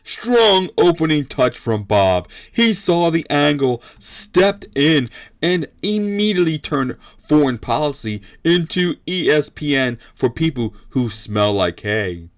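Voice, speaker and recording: A man's voice: sing-song, slow, few pauses, no echo. A man putting on the voice of a hyped boxing ring announcer, calling punchy play-by-play in a dry, close-miked sound. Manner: booming, punchy play-by-play calls. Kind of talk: mock fight commentary.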